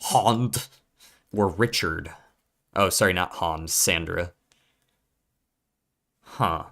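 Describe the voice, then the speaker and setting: Low, slow-talking male streamer. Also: gravelly, a bit bright. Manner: muttering, profane, puzzling things out slowly. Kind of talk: thinking aloud while playing a puzzle game.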